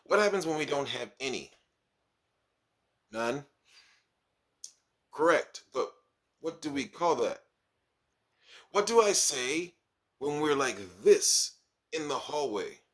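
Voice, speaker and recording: A man's voice: fairly high pitch, takes it slowly, pauses often. A man, a kindergarten teacher, telling stories from his class in a casual vlog and acting out his pupils. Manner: animated, acts out his pupils.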